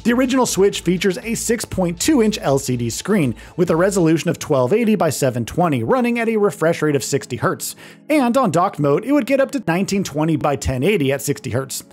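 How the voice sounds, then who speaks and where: A man narrating a scripted tech video in a lively read that often drops in pitch at the ends of clauses. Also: fairly quick, breathy edge. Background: faint background music.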